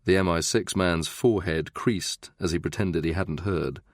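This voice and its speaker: A man narrating a thriller audiobook in a steady, measured reading. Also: low-pitched, no room sound, clean studio sound. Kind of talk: scripted narration.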